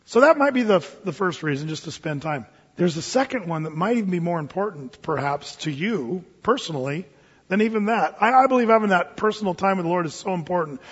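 A male pastor in his forties gives an animated sermon and slips into playful voices as he tells everyday stories. His voice sits high and sounds husky. The recording is dull and lo-fi, with a long reverb from a large hall. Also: fairly quick. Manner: animated storytelling, acting out voices in quoted asides.

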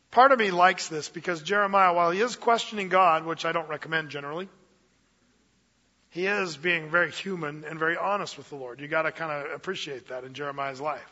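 A man preaching a sermon as pastor, lively and conversational, with playful asides. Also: sits high. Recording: dull lo-fi sound, long reverb of a hall.

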